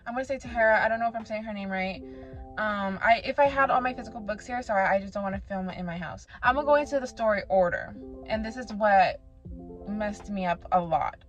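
A woman's voice: medium pitch, quick pace. A woman reviewing books in a casual vlog chat, rambling and acting out her own past reactions. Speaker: book reviewer. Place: away from her home. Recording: slightly muffled, with background music.

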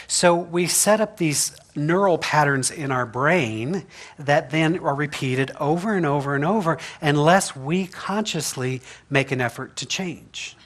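Guy preaching a sermon, joking around, laughs a lot, keeps saying right?, voice a bit on the high side. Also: fairly bright tone. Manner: chatty and humorous, laughs often, asks "right?". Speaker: pastor. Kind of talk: conversational sermon. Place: church sanctuary.

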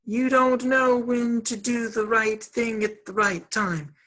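A woman voicing a brave, sharp-tongued young male mongoose in a storybook reading, impatient and commanding. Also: on the high side, fairly even intonation, slow, voice pushed up. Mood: urgent.

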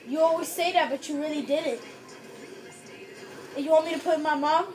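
A woman chatting casually with friends while gaming, loud and excitable, swearing freely. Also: sits high, fairly quick, faint music behind, poor audio. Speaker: gamer playing with friends.

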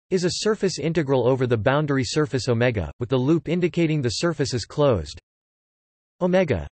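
A synthetic male voice reads an encyclopedia article in a flat, even manner, spelling out formula markup letter by letter. Its pitch sits in a middling range for a man. The sound is close and dry, with no room around it. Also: dry recording. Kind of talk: text-to-speech article reading.

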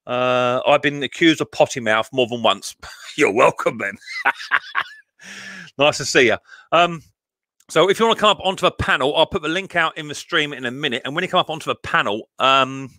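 A man's voice: mid-range voice, sharp tone, no room sound, clean studio sound. Chatty man hosting a live stream. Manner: chatty, greets viewers by name, firm about rules. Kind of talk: casual live stream chat. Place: garden shed workshop.

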